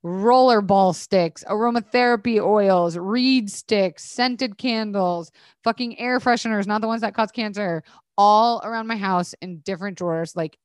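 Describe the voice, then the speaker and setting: A woman's voice: medium pitch, unhurried, no room sound. Chatty, sweary woman podcast host, dry sound. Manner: chatty, bubbly, swears casually. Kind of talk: casual solo podcast chat with ad reads.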